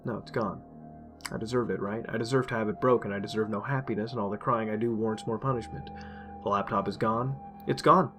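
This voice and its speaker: A man reading a dark first-person story aloud, intense and emotional. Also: fairly low pitch, fairly even intonation, quick pace. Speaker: narrator. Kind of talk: dramatic horror story reading. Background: faint music.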